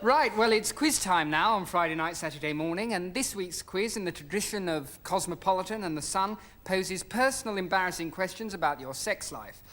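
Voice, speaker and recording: A comedy presenter announcing items in a brisk, mock-formal manner. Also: medium pitch, lively intonation, a bit bright, a little hiss or hum.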